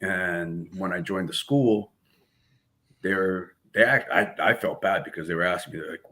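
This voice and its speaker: A man with a New Jersey accent speaks in a low, forceful, bright-edged voice. He tells stories in a relaxed way, laughing often and playing out the lines of other people. He sounds like a guest on a casual interview. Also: moderate pace. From Philippines. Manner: laid-back, laughing, acts out quoted dialogue. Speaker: guest martial arts instructor.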